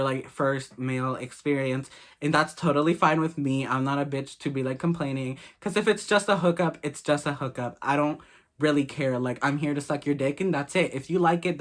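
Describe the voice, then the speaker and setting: A man's voice: on the high side, bright, forceful tone. A young man vlogger telling a story casually, blunt and crude, swearing often.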